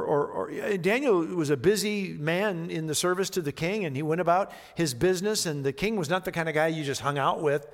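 A man preaching with a slightly high voice, reading scripture with dramatic emphasis before dropping into an easy, conversational aside. His sermon rings out through a large church hall with a long reverb tail. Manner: conversational, reads scripture dramatically then comments. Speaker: pastor. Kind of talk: expository sermon.

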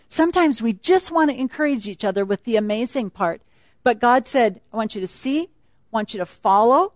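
A woman's voice: on the high side, no room sound. A woman speaking at a retreat, teaching a Bible passage in a chatty, laughing sermon style.

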